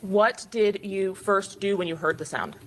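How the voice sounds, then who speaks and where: A woman attorney questioning a witness in court in a measured, formal way. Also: mid-range voice, background noise. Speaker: prosecuting attorney.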